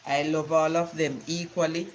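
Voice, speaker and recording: A woman's voice: deep voice, level tone, moderate pace, a little hiss or hum, rough recording. An older woman, chatting casually on a live stream and telling rambling stories with Bible sayings.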